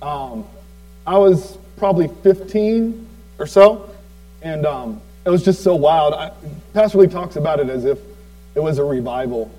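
A man in his forties with a slightly high voice tells a personal story to a congregation. He rambles through it, with plenty of ums and uhs and quick asides to the listeners. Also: lively intonation, mellow, low-quality recording. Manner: rambling storytelling with many fillers, asides to the audience. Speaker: church speaker giving a tribute.

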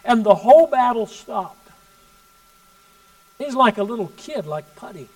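Man preaching, fairly high voice, emphatic delivery, loud then hushed, heard from a distance. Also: very animated, unhurried. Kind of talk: sermon storytelling.

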